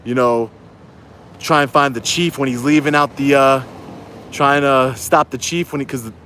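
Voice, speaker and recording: A man's voice: mid-range voice, a bit bright, slight background noise. A man livestreaming from his phone outdoors, ranting in a heated, repetitive way and rallying his viewers. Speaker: YouTube auditor livestreaming. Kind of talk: angry livestream rant.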